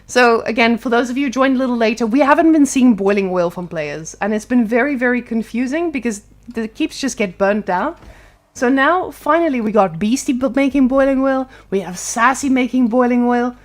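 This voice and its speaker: Female play-by-play caster with a fairly high voice, lively and excitable on every big moment. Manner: energetic, excitable, quick to hype plays. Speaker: esports caster. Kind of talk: play-by-play game commentary.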